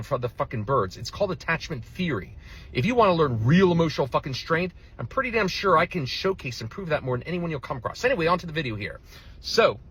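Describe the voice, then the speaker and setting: A man's voice: a little high, a bit bright, husky. A male relationship coach reacting to another video in a blunt, heated, profane rant. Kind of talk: reaction commentary.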